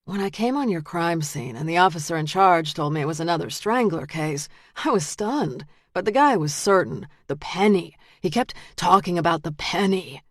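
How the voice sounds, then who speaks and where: A woman reading the lines of a calm, menacing male detective who turns out to be a killer, in a quiet, flat voice. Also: fairly low pitch, normal speed, few pauses, no room sound, studio quality. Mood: cold menace.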